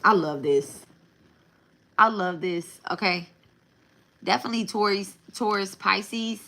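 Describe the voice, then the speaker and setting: A woman's voice: medium pitch, slow pace, gravelly, sharp tone. A woman giving a live tarot reading in a casual, blunt way, often repeating and restarting her phrases. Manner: blunt, swears. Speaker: tarot reader.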